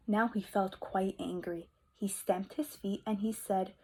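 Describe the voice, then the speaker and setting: A woman teacher reading a picture book aloud to young children, expressive and asking them questions, dropping to whispers for asides. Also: mid-range voice, unhurried, hardly any pauses, a little hiss or hum, low-quality recording. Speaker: kindergarten teacher.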